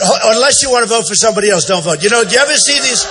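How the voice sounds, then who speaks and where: Boastful older man shouting at a rally. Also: high-pitched, expressive, rapid-fire, noisy background. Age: 60s. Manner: boastful, repetitive, off-the-cuff; often shouting to the crowd. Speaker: political candidate. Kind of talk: campaign rally speech. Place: large indoor event center.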